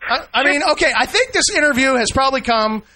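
A man's voice: very high-pitched, lively intonation, fast talker, bright, forceful tone. A man hosting a radio show, combative and mocking, swearing and talking over his guest.

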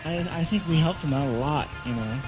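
A man co-hosting remotely over a call, teasing and cracking jokes with casual swearing. His voice sits a bit high for a man. The call audio is dull and lo-fi, with faint music behind. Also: a little fast, darkish tone. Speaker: co-host calling in remotely. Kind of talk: casual chat.

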